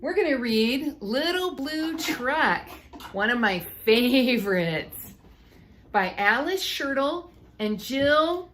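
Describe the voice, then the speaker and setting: Very slow, high-voiced woman reading aloud. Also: a little hiss or hum. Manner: animated storytelling with playful sound effects. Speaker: children's book reader. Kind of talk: reading a picture book aloud.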